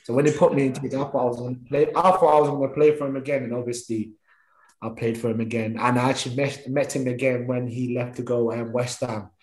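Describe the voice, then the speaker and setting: A man who played football professionally spins anecdotes in a lively, storytelling way, acting out what went through his head. His voice sits at a middle pitch. The room around him is echoey. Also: quick pace. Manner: animated, acts out his own thoughts and others' words. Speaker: former professional footballer, guest. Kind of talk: storytelling conversation.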